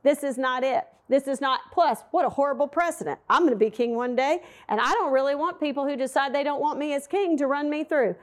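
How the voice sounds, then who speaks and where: A woman playing a defiant young king, fiery and emphatic, in a retold Bible story. He is high-voiced and talks in bold, punchy bursts. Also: a little fast, hardly any pauses, natural voice. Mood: exasperated. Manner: emphatic, lively retelling.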